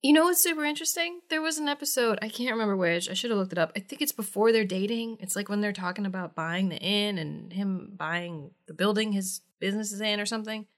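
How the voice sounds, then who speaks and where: A woman's voice: medium pitch, fast talker, few pauses. A woman co-hosting a podcast, casually chatting about a TV episode and adding details and asides. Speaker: podcast co-host. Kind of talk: casual chat recapping a TV episode.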